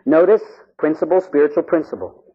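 A man preaching a sermon as a priest, intense, swinging between loud pleading and hushed tones. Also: fairly high pitch, expressive, a little fast, breathy edge, lo-fi sound.

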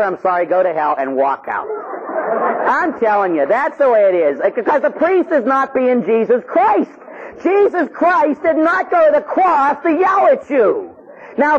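Priest, male, from Pittsburgh, blunt and animated, slightly high husky voice, dull lo-fi sound. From Pittsburgh, USA. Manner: blunt, animated, joking asides. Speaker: Catholic priest. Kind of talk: preaching talk. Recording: dull lo-fi recording.

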